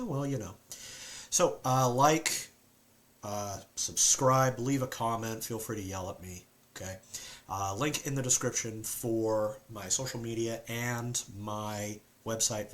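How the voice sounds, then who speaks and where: Relaxed man signing off casually. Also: medium pitch. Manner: relaxed, filler-heavy, self-deprecating. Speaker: storyteller and channel host. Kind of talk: casual outro to viewers.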